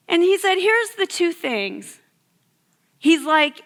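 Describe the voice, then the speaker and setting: A woman's voice: sits high, sing-song, slow. A woman in her thirties giving a sermon to a youth service, telling a personal story in a conversational way with many fillers. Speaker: youth ministry speaker. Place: church hall. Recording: echoey hall.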